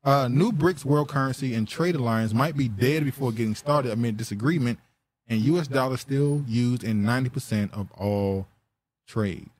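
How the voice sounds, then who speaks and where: Male podcast host, casual, rambling, quick to laugh. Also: medium pitch, a little mellow. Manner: laughs often, rambling and joking.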